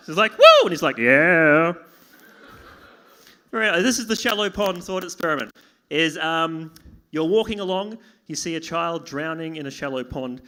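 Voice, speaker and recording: In a small pub before a live audience, a young Australian man does a stand-up comedy set in a high, bright, forceful voice. He pokes fun at himself and acts out little scenes, breaking into squeaky yelps and desperate pleading.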